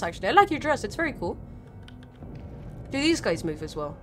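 A woman's voice: sits high, wildly swooping pitch, fairly quick, long pauses, fairly bright tone. A woman streamer giving live gameplay commentary, nervous and chatty, swearing a lot and talking back at the characters on screen. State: nervous and scared.

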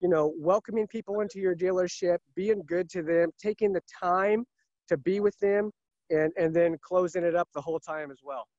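A man's voice: high voice, normal speed, a little mellow, no room sound, muffled recording. A man who sells cars, talking earnestly and emphatically in a casual interview, often repeating himself. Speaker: car salesman.

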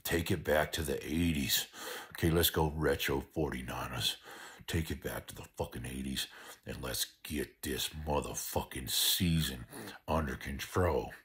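A man's voice: a bass voice, unhurried, fairly bright tone, breathy edge. An older man delivering a profane, aggressive motivational rant as a sports fan vlogger.

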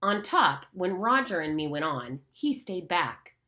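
A woman's voice: lowish voice, sing-song, a little slow, sharp tone, roomy sound, full character voice. A woman voicing a proud, hot-tempered boy who leads the hunters, bossy and defiant in an audiobook reading.

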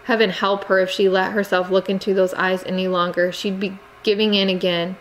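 A woman narrates a novel in a steady, measured storytelling voice. Her pitch sits in the middle of the range. A faint hum of background noise sits under the reading. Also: low-quality recording. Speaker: audiobook narrator. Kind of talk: scripted narration.

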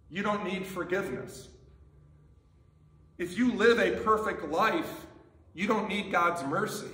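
Male pastor, high and bright voice, conversational sermon full of questions, distant mic in a reverberant church. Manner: conversational preaching with many rhetorical questions. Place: church sanctuary.

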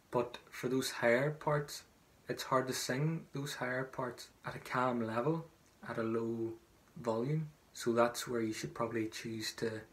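A man teaching traditional singing, giving encouraging, instructive directions between sung lines and counting the learners in. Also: medium pitch. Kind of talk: sung lesson with spoken instructions.

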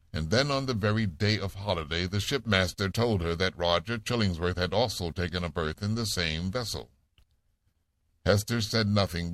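A man narrating a classic novel summary in a measured, formal audiobook manner. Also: sits low, a bit bright, dry recording.

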